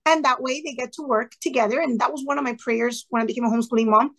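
Woman guest, fairly high voice, animated storyteller who plays out conversations and slips in bits of Spanish. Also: fast. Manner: lively, acts out dialogue in her stories; sprinkles in Spanish phrases. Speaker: podcast guest, retired teacher. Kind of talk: casual storytelling interview.

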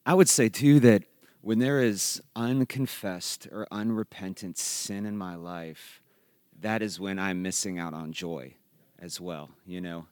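A man in a group discussion making a quiet remark that trails off. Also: deep voice, a little slow, no echo. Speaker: group participant.

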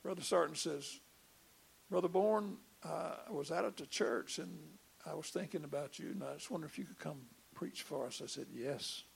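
A man's voice: fairly high pitch, moderate pace. An older man, telling a testimony in a sermon and stammering as he repeats his words. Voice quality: gravelly. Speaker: preacher.

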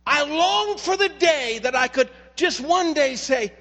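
High, bright-voiced preaching man. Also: expressive, unhurried. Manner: earnest, repeats words as he builds, direct appeals to listeners. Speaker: lead pastor. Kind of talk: impassioned sermon. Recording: long reverb of a large hall.

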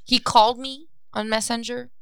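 A young woman co-hosting a podcast in casual chat, telling animated stories and reading messages aloud. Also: a little high, normal speed, vocal fry, smooth, dry recording, studio quality. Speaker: podcast co-host.

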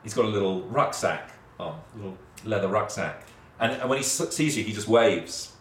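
Game master narrating a horror game. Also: male voice, fairly low pitch, normal speed. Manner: relaxed, descriptive, with hesitant fillers. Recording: roomy sound, distant mic, faint hiss.

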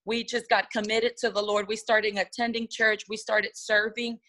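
A woman's voice: on the high side, little pitch movement, normal speed, pushed and bright, low-quality recording. A woman lead pastor, from the United States, telling an earnest and emotional testimony in a podcast interview.

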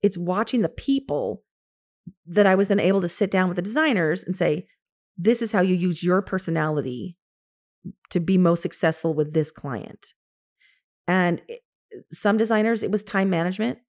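A woman in her fifties, an interior designer and coach, telling stories from her career in an animated way, laughing often and acting out what she said to others. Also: lowish voice, moderate pace. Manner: animated, laughs often, quotes herself in lively asides. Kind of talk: casual storytelling.

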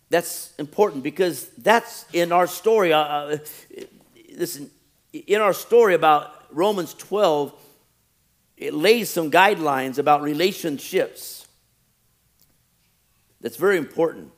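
A male pastor preaching a sermon, animated, often acting out quoted churchgoers. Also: fairly high pitch.

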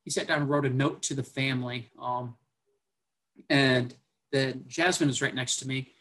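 A man's voice: medium pitch, steady tone, moderate pace, fairly bright tone, poor audio. Earnest man telling a personal story. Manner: earnest, with many fillers and quoted dialogue. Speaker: military officer guest. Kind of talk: personal storytelling in a podcast conversation.

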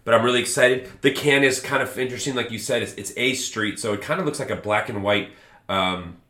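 A man co-hosting a casual beer-tasting podcast, bantering in a relaxed, joking way. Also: medium pitch, a little fast. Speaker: podcast co-host. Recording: echoey room.

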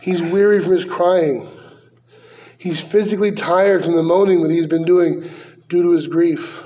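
A man's voice: high voice, fairly even intonation, a little slow, warm tone. A man, likely a pastor, preaching a verse-by-verse sermon in a conversational way, with rhetorical questions and dry asides.

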